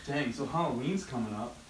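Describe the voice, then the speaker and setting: A man's voice: mid-range voice, lively intonation, measured pace, background noise. A young man hosting a casual chat, teasing and joking, with a slight cough. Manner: joking, teasing, does goofy voices in stories. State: has a cough.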